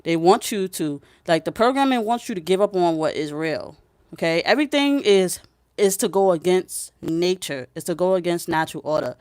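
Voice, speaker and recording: A woman's voice: fairly low pitch, animated, moderate pace, a little mellow, smooth, no room sound, studio quality. A woman talking straight to the camera, giving spiritual advice in a casual vlog. She is emphatic, preachy and blunt, swears freely, and keeps checking in with the listener. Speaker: spiritual reader.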